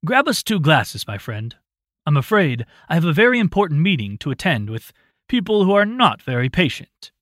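A man doing a brisk, commanding older mentor. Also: fairly high pitch, big pitch swings, a bit bright, no echo, clean studio sound, pitched above the performer's own voice.

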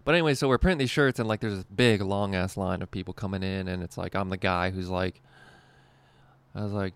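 Guy telling a rambly sweary story, lots of laughing, deep-ish and gravelly. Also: brisk, no room sound. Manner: rambling, profane, laughs often. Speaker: screen printer telling a work story. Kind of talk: casual storytelling.

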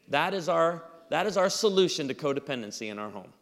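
Male pastor, comic storyteller, animated, higher-pitched voice, live hall reverb. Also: a little fast, gravelly, hardly any pauses. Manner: animated, acts out dialogue in stories. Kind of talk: humorous sermon with storytelling. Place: church auditorium.

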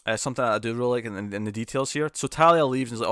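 Casual male podcaster, animated and rambling, middle pitch, dry mic. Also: rapid-fire, hardly any pauses, clean tone, no room sound. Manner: animated, rambling with many restarts. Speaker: podcast co-host. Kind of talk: casual film discussion.

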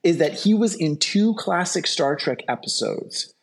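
A man's voice: a little high, lively intonation, unhurried, vocal fry. A man co-hosting a casual podcast, enthusiastically reading out actor trivia. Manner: enthusiastic, reads trivia aloud. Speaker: podcast co-host.

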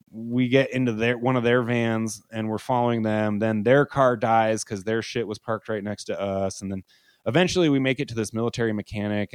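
A man's voice: on the low side, clear, resonant tone, no room sound, studio quality. A young man, a podcast guest, telling a story in a loose, profane way with lots of "like". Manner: loose and profane, heavy use of "like". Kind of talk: casual spoken storytelling.

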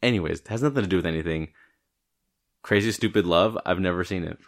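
A man's voice: low-pitched, fast talker. A young man co-hosting a podcast, chatting casually about movies, rambling and swearing with a joking tone. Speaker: podcast co-host. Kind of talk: casual chat.

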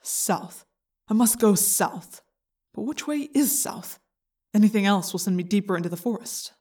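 A woman's voice: medium pitch, lively intonation, normal speed, warm tone, slightly rough. A woman reading a cold alien parasite. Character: cold cruel male alien parasite controlling a boy. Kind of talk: audiobook character voice.

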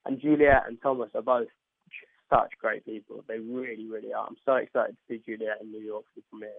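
A man's voice: on the low side, little pitch movement, gravelly, no echo. A man with a British accent, an actor guest talking upbeat and jokey in a casual interview. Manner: upbeat, warm praise, quick jokes. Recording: tinny phone line.

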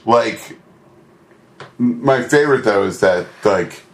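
A man's voice: fairly low pitch, slow pace. A man co-hosting a podcast in casual chat, retelling scenes and acting out silly voices as he goes. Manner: animated, acts out monster voices and shouts. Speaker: podcast co-host.

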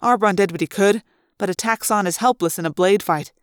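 A fan reader narrating a sci-fi audiobook in steady storytelling style, rising for dialogue. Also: mid-range voice, a little fast, no room sound, studio quality.

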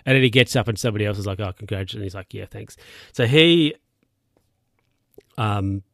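A man's voice: fairly low pitch, animated, fairly quick, a bit bright, no echo. Rambling young man recapping, dry sound. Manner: rambling, lots of fillers and asides. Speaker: show recapper. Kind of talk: casual episode recap.

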